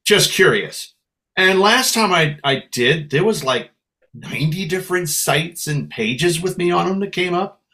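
A middle-aged American man, a musician guest, spins stories in a relaxed chatty way. His voice sits a little high for a man and swings widely in pitch as he goes. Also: moderate pace. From United States. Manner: animated storyteller slipping into Irish brogue for quotes. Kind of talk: casual storytelling chat.

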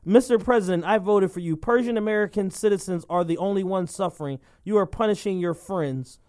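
A man co-hosting a podcast, riffing and joking in an animated, casual way. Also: high voice, brisk. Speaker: podcast co-host. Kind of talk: casual chat.

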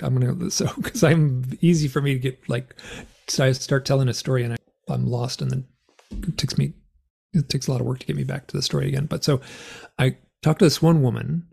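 A middle-aged man, a guest author, telling a personal story in an interview in a rambling, animated way with many fillers. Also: medium pitch, creaky, husky.

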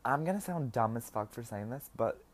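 Lively intonation and a slightly fast pace color this young man's medium-pitched voice. He's a podcast host telling personal stories in an easygoing monologue, eating indoors as he records, chatting, laughing often, and peppering it all with "like."

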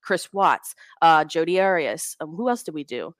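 A woman's voice: low voice, expressive, normal speed, dry recording. A woman co-hosting a casual podcast who laughs often and acts out quotes in mocking voices. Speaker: podcast co-host. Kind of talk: casual chat.

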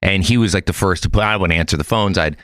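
A man's voice: low-pitched, fast, no room sound, clean studio sound. A man from Los Angeles hosting a podcast, telling long rambling stories in casual chat. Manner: animated, rambling storytelling. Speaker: podcast host.

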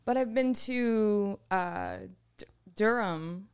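A woman's voice: mid-range voice, takes it slowly, clear, resonant tone. A woman talking as a podcast guest, giggly and self-conscious. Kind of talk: casual chat.

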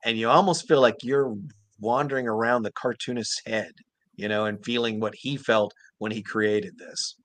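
Earnest man with a bright voice. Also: on the low side, normal speed, no echo. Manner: animated, earnest storytelling. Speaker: voice actor guest. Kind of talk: casual interview chat.

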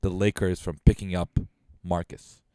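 Young dude on a sports podcast, lowish voice, chill, says bro a lot, dry close mic. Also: male voice, normal speed, no echo. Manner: relaxed, agreeable, says bro and man. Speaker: podcast co-host. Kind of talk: casual sports chat.

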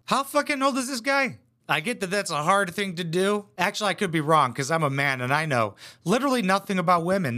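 A man's voice: fairly high pitch, bright, forceful tone. A young man giving a crude, sarcastic comedic reaction commentary on a reality show clip, swearing a lot.

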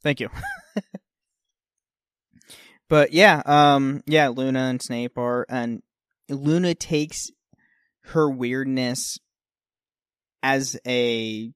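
Podcast co-host, casual chat, animated, laughs a lot, middle pitch, dry close recording. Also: slow, long pauses, clear, resonant tone, no room sound. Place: United States.

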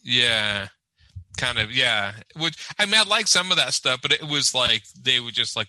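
Brief: man, very bright tense tone, dry close mic, rambling banter. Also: mid-range voice, normal speed, no echo, low-quality recording. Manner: rambling, animated, laughs often. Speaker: podcast co-host. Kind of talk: casual chat.

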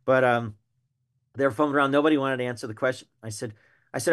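Older man, a mid-pitched, animated guest storyteller. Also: fast, long pauses. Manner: animated anecdotal storyteller, emphatic. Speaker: retired wildlife biologist guest. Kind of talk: storytelling in a podcast interview.

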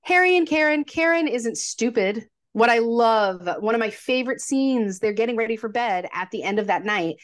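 A woman's voice: on the high side, moderate pace, hardly any pauses. A woman co-hosting a podcast, retelling movie scenes in casual chat and acting out the characters' lines. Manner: animated storyteller, acts out quotes. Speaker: podcast co-host.

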